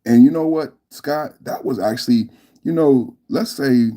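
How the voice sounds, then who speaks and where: A man hosting a live reaction stream, rambling loudly and repeating phrases between bursts of laughter. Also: medium pitch, a little slow. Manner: loud, laughing, rambling and repetitive. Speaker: podcast host.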